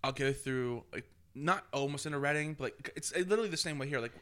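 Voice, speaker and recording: Bright-voiced young man, rambling and joking. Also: medium pitch, quick pace. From Pennsylvania, USA. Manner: rambling, filler-heavy, joking. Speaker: podcast host. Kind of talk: casual chat.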